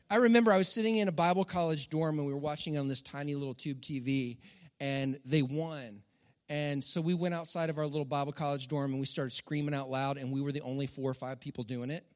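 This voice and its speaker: A middle-aged man preaching a sermon with animated, dramatic storytelling and emphatic repetition. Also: fairly high pitch. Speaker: pastor. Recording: long hall reverb.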